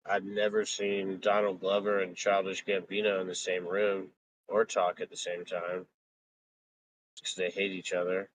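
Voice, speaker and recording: A man's voice: deep voice, completely flat delivery, unhurried, a little hiss or hum, poor audio. A man joking around and rambling in casual live stream banter, laughing often.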